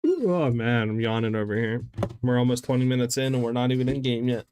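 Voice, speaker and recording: A man's voice: mid-range voice, monotone, fast, darkish tone, smooth. A man streaming a game live, chatting casually in a rambling way with lots of fillers as he answers chat.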